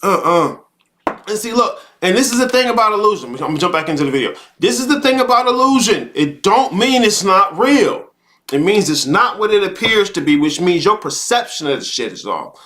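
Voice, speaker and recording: This is a man with a high-set, sharp voice hosting a live talk stream. He preaches in a cursing, heated rant. He doubles back on his own words and punctuates his points with rhetorical questions. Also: very animated, fairly quick. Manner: repeats words, frequent rhetorical "okay?". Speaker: host. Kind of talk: live-streamed spiritual monologue.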